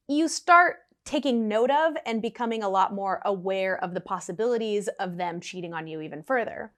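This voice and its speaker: A young woman telling a story in a vlog, animated and laughing often. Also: mid-range voice.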